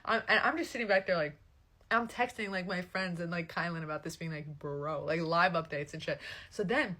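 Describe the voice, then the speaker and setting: A young woman telling a casual storytime, animated and swearing freely, full of fillers. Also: lowish voice, fairly quick.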